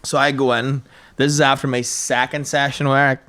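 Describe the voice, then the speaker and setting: A man's voice: medium pitch, little pitch movement, a little fast, pushed and bright. Northern Irish man telling stories. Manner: storytelling, sweary, laughing. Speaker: podcast co-host. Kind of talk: casual chat.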